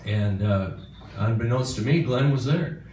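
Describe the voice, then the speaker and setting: A man's voice: mid-range voice, unhurried, warm tone, a little hiss or hum. Man, rambling onstage anecdote, chuckling, echoey hall, distant mic. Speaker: guitarist telling a story. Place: concert stage.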